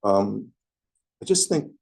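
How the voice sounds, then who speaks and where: A man's voice: lowish voice, very animated, creaky, darkish tone, slightly rough. A man with a New York accent, speaking hesitantly and correcting himself as he searches for words in a group meeting. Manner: hesitant, halting, self-correcting. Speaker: meeting participant. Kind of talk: searching conversational dialogue. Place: meeting room.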